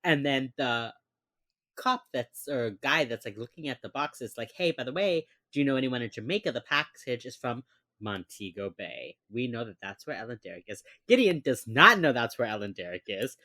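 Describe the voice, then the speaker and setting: Walking through a TV episode one scene at a time, this podcast co-host chats casually and performs the characters' dialogue with animation. The medium-pitched voice moves at a moderate pace in studio-quality audio with no room sound.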